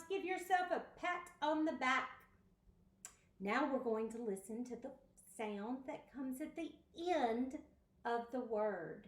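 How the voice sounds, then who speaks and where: Woman, pre-K teacher, very slow, animated pitch, sounds out words. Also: roomy sound. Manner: encouraging, sounds out words slowly. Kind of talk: slow, expressive lesson for young children.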